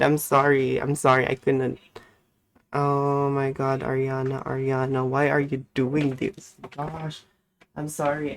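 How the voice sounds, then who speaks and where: A woman's voice: very deep voice, flat delivery, measured pace, slight background noise. A young woman streaming a game, chatting casually, rambling and swearing and then apologizing. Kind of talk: casual live-stream chat while gaming.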